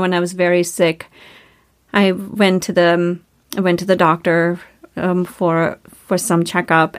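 A woman hosting a spiritual self-help podcast, talking earnestly and repeating herself, full of rhetorical questions. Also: lowish voice. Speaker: podcast host.

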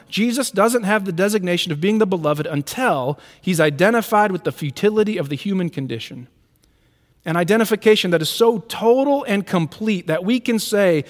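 A man preaching a sermon as pastor, earnest, often dropping his voice very low and soft for tender lines. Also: expressive, moderate pace, long reverb tail.

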